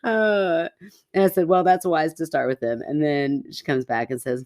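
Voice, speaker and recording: A woman's voice: low voice, fairly even intonation, normal speed, a little mellow. A woman co-hosting a podcast in casual chat, rambling happily with quoted asides and frequent giggles. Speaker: podcast co-host.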